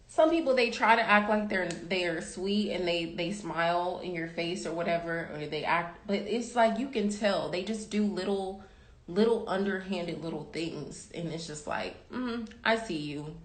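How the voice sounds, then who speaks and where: A woman's voice: on the low side, a little hiss or hum. A young adult woman hosting a tarot reading livestream, chatting casually and emphatically to her viewers, calling them baby and y'all. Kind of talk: casual motivational chat to live viewers. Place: room at home. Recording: roomy echo.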